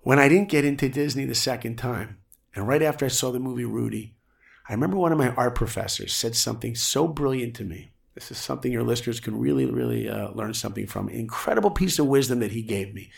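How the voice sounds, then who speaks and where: A middle-aged man with a gravelly edge tells his story as a podcast guest. His pitch sits in the middle, and he keeps slipping into voices for the people he quotes. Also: fast talker. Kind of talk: animated storytelling in a podcast interview.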